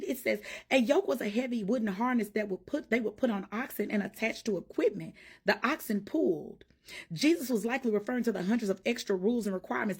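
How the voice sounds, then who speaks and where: A woman preaching to her followers in a fervent, informal church cadence, her voice climbing higher and louder as she gets worked up. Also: husky. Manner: fervent, rising in pitch and force as she preaches. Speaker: ministry vlogger. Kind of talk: preaching to camera.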